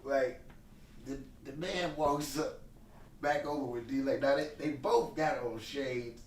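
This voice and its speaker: Man co-host, emphatic and profane, mid pitch, roomy sound from off-mic with clear noise. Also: slow pace, far from the mic. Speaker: podcast co-host. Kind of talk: casual storytelling.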